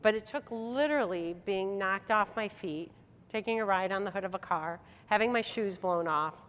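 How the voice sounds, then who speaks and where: A middle-aged Michigan woman, speaking at a convention, tells a personal story in a motivational speech with a medium-pitched voice and moderate pace. She's animated, laughs often, and acts out dialogue. The audio has hall reverb from the stage plus a slight hiss or hum.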